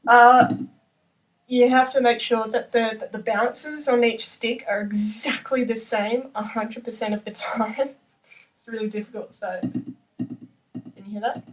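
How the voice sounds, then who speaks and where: Her voice leans high and fairly even, unhurried and broken by frequent pauses. She's a young woman, a percussion student, casually showing snare exercises in a practice room with chatty, self-deprecating talk and many fillers. The mic is distant, with drumming audible behind her.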